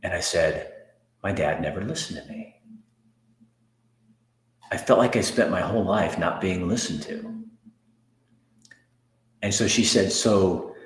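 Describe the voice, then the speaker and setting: A middle-aged man speaks in a very low voice, hosting a personal monologue. He is earnest and moves between heated anger and soft, hushed moments. The room around him has a noticeable echo. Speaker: host.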